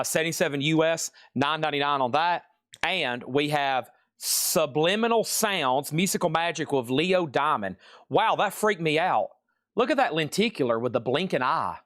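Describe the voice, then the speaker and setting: A man hosts a live record sale, reeling off titles and prices in quick, upbeat patter. His voice sits a little high for a man. It is recorded close and dry, with no room echo. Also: a bit bright. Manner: rapid-fire listing of items and prices, upbeat.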